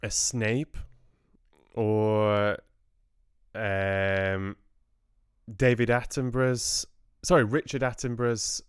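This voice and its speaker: A man's voice: lowish voice, steady tone, slow pace, smooth, no echo, studio quality. A man hosting a casual livestream book club, chatting and rambling to viewers with laughs.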